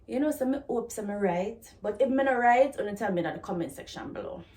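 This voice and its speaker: A woman's voice: a little high, lively intonation, brisk, darkish tone. A woman from Jamaica with a Jamaican accent, teaching patois phrases in a chatty, casual lesson and laughing at herself now and then.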